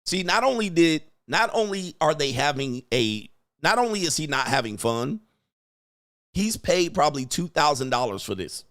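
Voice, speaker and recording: A man hosting a show, giving loud, crude, mocking commentary on video clips and laughing often. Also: on the high side, very animated, moderate pace, dry recording, studio quality. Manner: brash and mocking, laughs often, mimics voices. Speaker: host.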